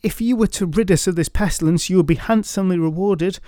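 A man's voice: sits high, quick pace, dark tone, dry recording, clean studio sound, pitched above the performer's own voice, close to an everyday voice. A man voicing a desperate crowd of villagers begging a knight for help, anxious and pleading.

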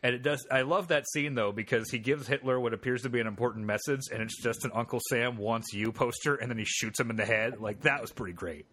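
A podcast co-host with a medium-pitched, fairly bright voice talks quickly with hardly any pauses. He chats casually through a film recap, acting out quoted lines in funny voices.

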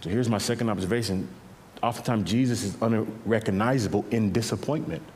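A man preaching a sermon as pastor, swinging between quiet intimate passages and louder emphatic lines, often repeating words as he builds a point. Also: on the low side, fairly quick, slight background noise. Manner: animated preaching, drops to quiet intimate tones and rises for emphasis. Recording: long reverb of a large hall.

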